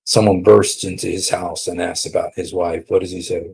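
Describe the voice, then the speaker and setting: A man giving an emphatic, mocking polemical religious talk, swinging between loud and quiet. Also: low voice, level tone, normal speed, gravelly, slight background noise. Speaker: preacher on a streamed show.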